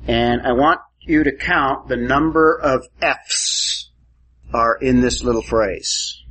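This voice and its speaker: A man's voice: mid-range voice, takes it slowly, sharp tone, slightly rough, rough recording. A man teaching a class, giving a lecture and quizzing students with questions.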